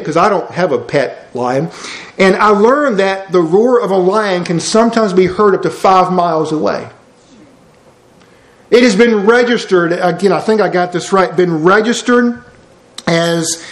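A man's voice: sits high, unhurried. A man preaching a sermon, folksy and emphatic, with lots of rhetorical questions. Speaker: pastor. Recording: roomy church hall sound.

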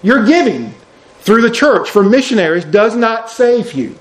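A fairly high-voiced man preaches a lively sermon. He swings between loud declarations and hushed, drawn-out words, with folksy asides to his congregation. The voice rings out in a roomy, echoey church. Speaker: pastor.

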